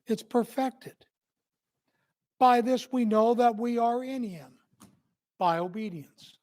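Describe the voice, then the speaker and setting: A man's voice: very high voice, takes it slowly, darkish tone. A man preaching an earnest, emphatic sermon as a church minister.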